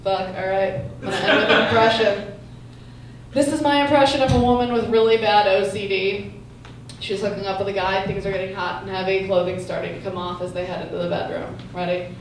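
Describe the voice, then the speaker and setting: A brash young woman doing crude stand-up and ribbing the crowd. Her voice is distant and echoey, with loud club noise all around. She sits in a middling pitch. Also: fairly even intonation, brisk. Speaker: stand-up comedian. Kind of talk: stand-up set. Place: comedy club stage.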